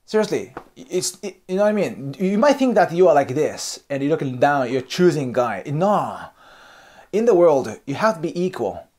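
Japanese man, Japanese accent, casual advice host, highly animated pitch, swears and laughs often. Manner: blunt, frequent swearing and laughter. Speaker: host giving dating advice. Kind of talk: casual monologue.

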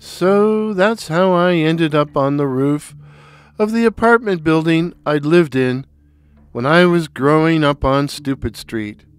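A man narrating a dark, comic short story in a sardonic, deadpan, deliberate way. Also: a little high, clean tone. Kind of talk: dry, wry spoken storytelling.

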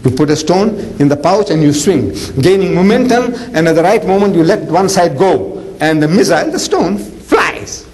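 A man preaching a lecture, animated and jokey, telling stories with acted-out voices. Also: high voice, normal speed, few pauses, low-quality recording. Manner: animated, jokey, acts out characters. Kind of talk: lecture with dramatic storytelling.

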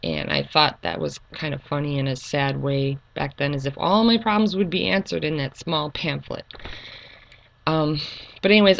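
A middle-aged woman talking earnestly and hesitantly in a personal video monologue, pausing with frequent ums. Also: sits low, vocal fry, dull audio. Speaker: YouTube channel creator.

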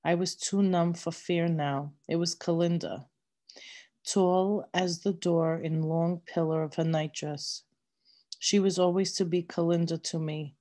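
Woman narrator for a read-aloud novel; low, unhurried, mellow delivery. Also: fairly even intonation. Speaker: reader.

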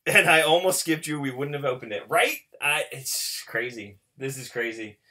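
A man hosting a card pack opening, talking casually and mocking himself, who breaks into excited shouting. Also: mid-range voice, normal speed. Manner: chatty and self-mocking, bursts into excited shouting. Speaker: host opening card packs for viewers.

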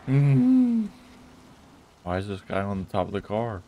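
A man's voice: deep voice, level tone, fast talker, narrow, tinny audio, a little hiss or hum. A man giving casual let's-play commentary on his gameplay, chuckling often and blurting surprised exclamations.

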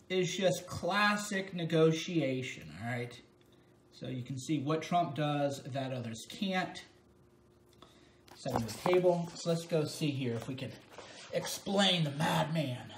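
Man, slightly high voice, sarcastic commentator, mocking emphatic rant. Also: a little mellow, roomy sound, slight background noise. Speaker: political commentator. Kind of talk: casual rant to camera.

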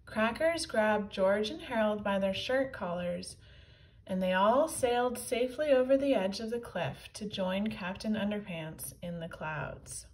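A woman reading a children's book aloud in a clear storytelling manner. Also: medium pitch, measured pace, darkish tone, distant mic, poor audio.

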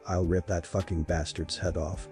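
A man voicing a grieving, hot-tempered middle-aged father in a horror story, read in a deep, flat voice. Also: normal speed, soft background music, lightly acted.

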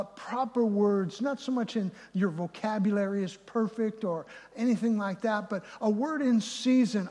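High-voiced preacher in a reverberant hall. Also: male voice. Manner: swings from loud and emphatic to quiet and low, with restarts. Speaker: pastor. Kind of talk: live sermon. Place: church sanctuary.

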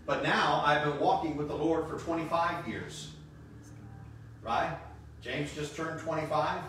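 There's a faint hiss and plenty of echo, since the mic sits far back in a church sanctuary. The preacher, a man in his fifties, has a voice on the high side with a fairly bright tone and speaks unhurriedly. He's emphatic in his sermon, repeating phrases and weaving in joking asides.

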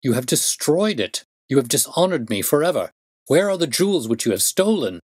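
A man voicing an outraged middle-aged banker father who shouts accusations at his son. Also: mid-range voice, moderate pace, no echo, studio quality, lightly acted. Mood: enraged.

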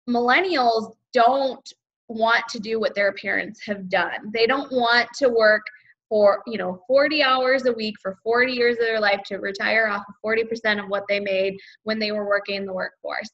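Upbeat female team leader on a video call; bright, slightly high voice, lo-fi sound. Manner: upbeat, chatty, many fillers. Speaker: team leader hosting a sales training call. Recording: dull lo-fi video call audio.

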